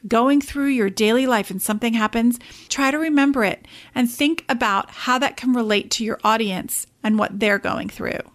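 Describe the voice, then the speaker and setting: Woman, 30s, podcast host, slightly high voice, animated confessional storyteller. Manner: animated storytelling, addresses listeners as "you guys".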